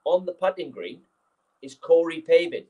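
A man spinning an anecdote for an audience as a guest speaker. He talks in a lively, animated way, slipping into the voices of the people in his tale. His voice sits fairly high for a man. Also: moderate pace, slightly rough, rough recording. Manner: lively, acts out scenes. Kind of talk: anecdotal storytelling.

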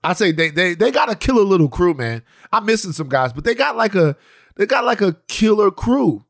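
A man co-hosting a podcast, chatting casually, rambling with halting restarts. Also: high-pitched, very animated, gravelly, a bit bright, no room sound, studio quality. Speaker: podcast co-host. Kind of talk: casual chat.

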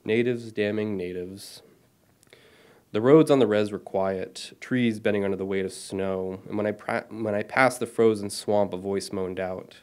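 A man's voice: fairly low pitch, a little slow, clean tone. Man in his thirties reading his fiction aloud. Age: 30s. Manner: self-deprecating, apologetic asides between steady reading. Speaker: author. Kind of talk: reading his own short story at a lecture.

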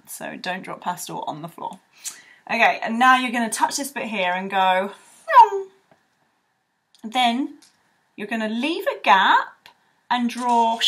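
A woman's voice: fairly high pitch, fairly bright tone. A young woman teaching children to draw in a bubbly, rambling way with playful sound effects. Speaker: art tutor. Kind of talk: drawing tutorial for children.

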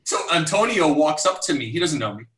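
A man telling a personal story as guest speaker in a live online talk, lively and acting out others. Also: a little high, a little fast, roomy sound, far from the mic. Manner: animated storyteller, voices others in his anecdotes.

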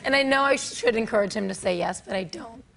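Hoarse female guest, somewhat high voice, chatty with lots of "like". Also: quick pace, noisy background. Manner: chatty, uses "like" often. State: hoarse, lost her voice. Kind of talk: casual chat.

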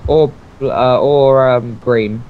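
Young guy playing games w mates, swears a lot, bit muffled mic, light hiss. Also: mid-range voice. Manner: excitable, swears often, quick outbursts. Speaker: let's play co-host. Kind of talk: casual gaming chat. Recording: slightly dull lo-fi mic with faint noise.

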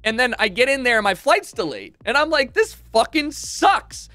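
Animated, swearing man telling a story. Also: a little fast. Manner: animated, profane, acts out quotes with big pitch jumps. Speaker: streamer. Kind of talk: casual storytelling.

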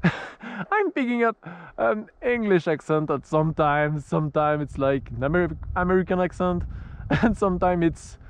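With a fairly high, smooth voice and a moderate pace, a French-accented RC glider pilot talks casually while flying in the snow. This vlogger keeps up a running commentary on the freezing field, laughing frequently and restarting his sentences.

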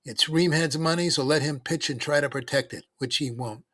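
A man's voice: a little high, fairly quick, fairly bright tone, slightly rough, no echo, pitched above the performer's own voice. A man voicing a scheming, cocky teenage bully in a storybook reading, speaking smug and bossy.

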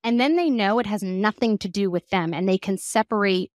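A woman speaks as a guest expert on children's emotions, sounding like a mother of two. She talks in an animated, conversational way, filling gaps with "like". Her voice sits in a middle register, recorded close and dry. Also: mid-range voice, fairly quick, dry recording. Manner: animated, acts out quoted voices, frequent "like". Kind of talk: conversational podcast interview.

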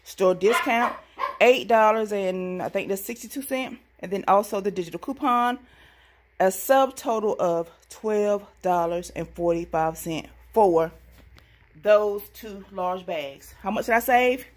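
A woman chatting casually and excitably to her viewers about her coupon deals. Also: mid-range voice, measured pace. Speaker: couponing vlogger. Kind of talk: casual deal-hunting vlog.

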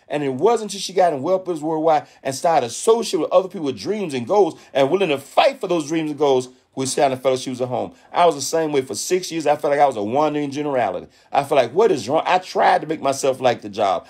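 Husky, fired-up motivational man. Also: a little high, fast talker, hardly any pauses. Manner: preachy, animated, mimics others' voices in quotes. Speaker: network marketing leader speaking on a call. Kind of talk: motivational talk.

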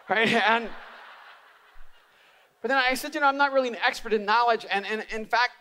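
A man preaching a sermon as an animated, humorous storyteller. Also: very high voice, a little fast. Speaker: speaker. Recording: reverberant live hall.

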